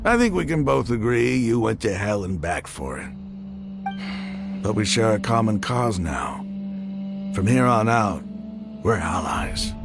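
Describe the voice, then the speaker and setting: A gravelly, assured ally. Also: male voice, on the low side, sing-song, measured pace, pauses often, over music, heavily acted. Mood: reassuring.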